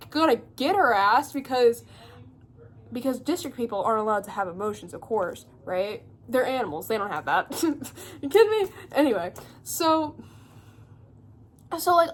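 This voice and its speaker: A young woman at home giving a rambling, profane, casual book recap full of fillers and laughter. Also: fairly high pitch. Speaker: booktuber.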